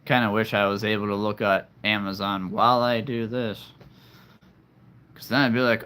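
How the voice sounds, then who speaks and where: A man hosting a casual livestream, chatting with viewers, laughing often and jumping up in pitch when excited. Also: moderate pace. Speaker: livestream host. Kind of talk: casual livestream chat reading comments.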